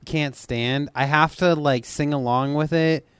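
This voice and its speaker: A man co-hosting a casual podcast, wry and teasing and quick to laugh. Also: on the high side, steady tone, fairly bright tone, clear, resonant tone, no echo. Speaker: podcast co-host.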